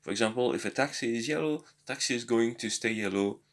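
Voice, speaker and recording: A man's voice: mid-range voice, quick pace. Hesitant man teaching a language lesson. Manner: hesitant, many fillers and restarts. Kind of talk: casual spoken lesson.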